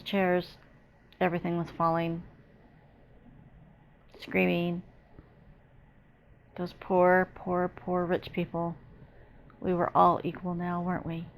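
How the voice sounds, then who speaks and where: A woman psychic medium giving an emotional, halting first-person channeling narration, repeating herself as she speaks. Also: on the low side, vocal fry.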